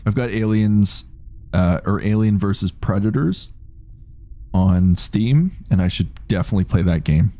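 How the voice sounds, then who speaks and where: A man in his late thirties talking casually on a game stream, reading viewer messages aloud and rambling between them. His voice is low and gravelly, with a dark, mellow tone. He swears freely. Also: unhurried. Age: 30s. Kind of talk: casual live-stream chat.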